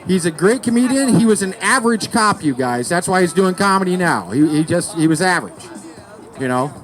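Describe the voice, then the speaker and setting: The host's voice sits high, with lively intonation, a fairly quick pace, and a slightly bright quality, over soft background music. Under a tree in a city park, he introduces comedians at an outdoor show, rambling, joking, and stumbling over names.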